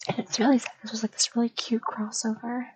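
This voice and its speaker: A young woman streamer rambling casually in an ASMR style, soft and drifting into whispers, with a slight stutter. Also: on the high side, flat delivery, fast talker, slightly rough, no room sound, rough recording.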